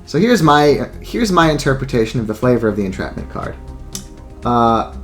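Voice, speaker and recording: A man of middling pitch talks through a card game in a casual, profane let's play style, thinking aloud about each move. Faint music plays underneath. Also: very animated, moderate pace, fairly bright tone. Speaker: gameplay commentator.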